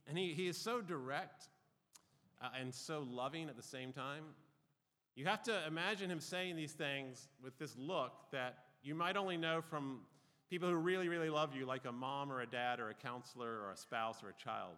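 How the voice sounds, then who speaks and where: Man, fairly high bright voice, casual Bible teacher, long hall reverb. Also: normal speed. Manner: conversational, with frequent ums and uhs.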